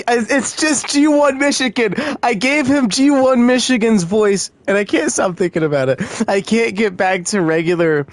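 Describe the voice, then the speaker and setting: Male streamer, casual and jokey, swears freely; lively, slightly high voice. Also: no echo. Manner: jokey, swears, self-mocking. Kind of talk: casual game stream chat.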